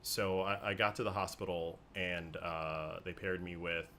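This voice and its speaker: A man with a very low voice, chatting as a podcast guest. He tells his stories in an animated, casual way and laughs often. A faint hiss sits under his voice. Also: unhurried. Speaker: podcast guest, hospital clown. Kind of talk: casual conversational storytelling.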